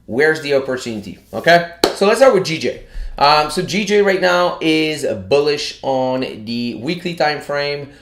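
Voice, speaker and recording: A man's voice: fairly high pitch, lively intonation, unhurried, noisy background. Chatty man live-streaming in an echoey room. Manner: chatty, many fillers and restarts. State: out of breath. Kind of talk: casual live-stream chat.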